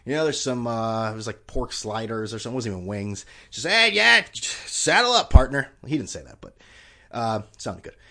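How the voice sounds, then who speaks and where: A man's voice: fairly low pitch, fairly quick. A man hosting a solo podcast, ranting in a rambling, sarcastic way with frequent swearing. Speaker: podcast host. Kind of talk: casual solo podcast rant.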